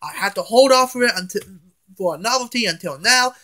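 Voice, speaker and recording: A man's voice: high voice, expressive, fairly quick, bright, forceful tone, a little hiss or hum. A man ranting in a casual home vlog, angry and swearing, often stammering and restarting his words. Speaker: vlogger. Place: at home, indoors.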